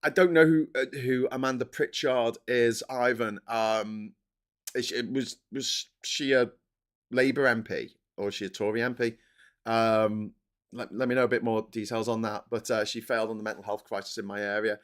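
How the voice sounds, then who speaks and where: Hosting a live stream, a man with a medium-pitched voice talks at normal speed, rambling and animated. He laughs and swears as he chats and reads viewer messages aloud.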